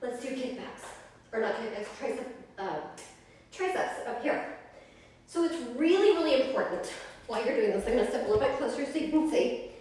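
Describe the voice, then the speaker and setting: A woman's voice: fairly high pitch, lively intonation, brisk, darkish tone, slight background noise. A young woman leading a live yoga class, upbeat and chatty, counting reps and a little out of breath. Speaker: yoga instructor. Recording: echoey room, mic at a distance.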